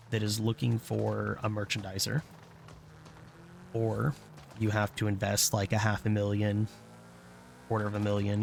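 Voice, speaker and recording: A man's voice: fairly low pitch, creaky, slight background noise. A man telling a casual, candid story in a vlog, blunt and profane, acting out what other people said. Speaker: vlogger.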